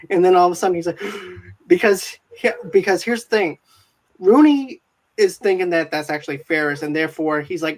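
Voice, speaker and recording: Talking fairly quickly in a high-pitched voice, a podcast host chats casually about a movie. He retells scenes in a rambling way, full of filler phrases.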